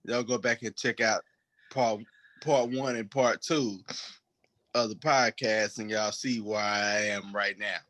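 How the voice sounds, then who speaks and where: Slow-talking tipsy man with hiccups. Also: on the low side, steady tone, a bit bright. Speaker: podcast co-host. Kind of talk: casual chat.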